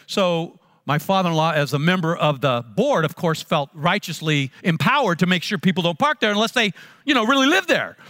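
A man, a pastor, telling a funny story in a sermon with animated, self-mocking comic timing. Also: a little high.

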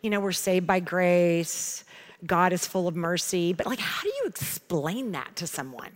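A middle-aged woman giving a devotional teaching, telling a personal story in a chatty, animated way. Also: fairly low pitch, unhurried. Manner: conversational storytelling, animated retelling. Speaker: Bible teacher.

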